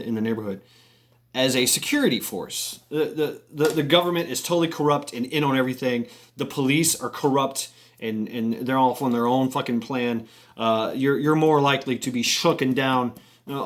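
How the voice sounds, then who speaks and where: A man of ordinary pitch spins a long yarn in a loose, conversational way. He stumbles and restarts his sentences often, drops casual profanity and chuckles along the way. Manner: rambling, many restarts, swearing, chuckles. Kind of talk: casual spoken storytelling.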